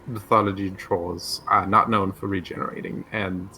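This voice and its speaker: A man playing in a tabletop game, with a lowish voice. He banters in a laid-back, blunt way. Faint noise runs behind him. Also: level tone, normal speed, sharp tone. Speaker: player.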